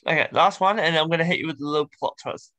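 A man hosting a casual interview, playful and quick to laugh. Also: fairly high pitch, pushed and bright. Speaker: interview host.

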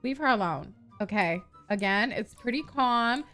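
Young woman gamer, casual and excitable, sweary, swooping high voice, some soft music underneath. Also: unhurried. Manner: excitable, gasps and shrieks at game events, swears freely. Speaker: gaming YouTuber. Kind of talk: casual gameplay commentary.

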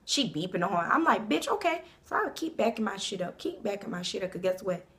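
A young woman in her twenties from Savannah, Georgia, talking brashly and profanely about herself to camera, breaking into loud bursts. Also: medium pitch, animated, fast. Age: 20s. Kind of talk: casual self-introduction to camera.

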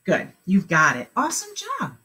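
A woman's voice: medium pitch, wildly swooping pitch, normal speed, bright, forceful tone. A woman teaching a remote kindergarten lesson, talking in an encouraging, sing-song way with lots of praise.

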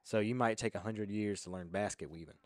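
Laid back guy with a low voice explaining game stuff, lots of "like", dry sound. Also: a little fast, dry recording. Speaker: podcast host explaining game rules. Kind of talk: casual chat.

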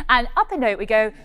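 A woman's voice: fairly high pitch, full character voice. A woman playing a cheery young fairy-tale heroine, giggling and sing-song as she leads a pantomime vocal lesson for children. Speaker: pantomime performer teaching children. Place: indoor hall.

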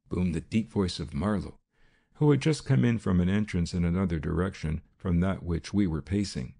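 Deep, gravelly male audiobook narrator. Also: brisk, mellow. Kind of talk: first-person audiobook narration.

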